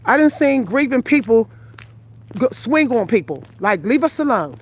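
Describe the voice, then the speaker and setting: A woman's voice: a little high, big pitch swings, normal speed, husky. Blunt, breathless woman vlogging on a night walk. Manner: blunt, profane, confrontational toward viewers. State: tired and out of breath. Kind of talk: live vlog while walking. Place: outdoors on a night street walk.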